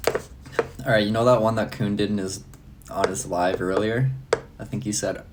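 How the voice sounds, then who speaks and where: A man's voice: lowish voice, fairly even intonation, moderate pace. Man, young, casual, swears a lot, laughs often, faint background hiss. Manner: loose, profane, laughs often. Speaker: live streamer. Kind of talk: casual live-stream chat answering comments.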